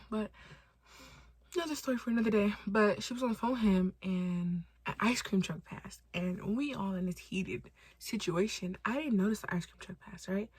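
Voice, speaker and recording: A young woman from Los Angeles telling a storytime vlog in casual, animated style, swearing freely and acting out quotes. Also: medium pitch, husky, no room sound. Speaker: storytime vlogger.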